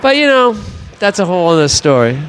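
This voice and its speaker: A man's voice: sits high, fairly quick, soft background music. Rambling, profane older storyteller man. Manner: rambling, profane, animated anecdote teller. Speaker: podcast guest. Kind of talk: casual storytelling.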